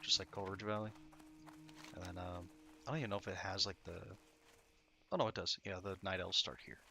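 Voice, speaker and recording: This tired-sounding streamer talks low and fairly quickly with fairly even intonation, his voice creaky, pushed and bright. There's a little hiss or hum, game music underneath, and he rambles casually, swearing and laughing at himself.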